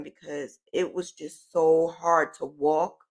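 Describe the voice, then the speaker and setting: A woman's voice: sits low, level tone, slow pace. A middle-aged woman hosting a podcast, telling a personal story in a casual, rambling way with lots of "like" and "um". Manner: chatty, lots of "like" and "um", repeats herself. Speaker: podcast host.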